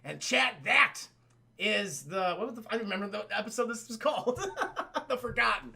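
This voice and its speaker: A young man casually recapping a cartoon episode for his live chat, excitable and swearing, acting out the characters. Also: sits high, measured pace, gravelly, long pauses, breathy edge. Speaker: streamer reviewing a cartoon episode.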